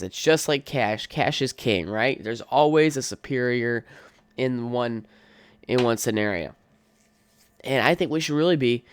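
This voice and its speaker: In a dry, studio-quality recording, a young adult podcast host with a mid-range voice rants on his own. He is casual, blunt, profane and opinionated, leaning heavily on "like" and "um."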